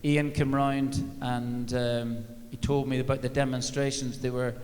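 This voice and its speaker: On a large arena stage, an older man who once managed football teams tells anecdotes with wry, dry humour. His mid-range voice is flat, unhurried and a little mellow, carried by the long reverb of a big hall.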